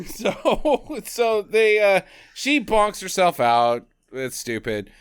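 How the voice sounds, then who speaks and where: Lively, slow-talking American man. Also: sits high, clean tone. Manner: animated, laughs often, slips into mock British accents. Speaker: podcast co-host. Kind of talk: casual movie-review chat.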